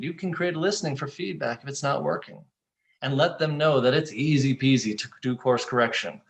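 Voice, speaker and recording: A man hosting a webinar, talking conversationally and playfully acting out quotes. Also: mid-range voice. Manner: animated, playful, acts out quotes. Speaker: webinar host, software founder.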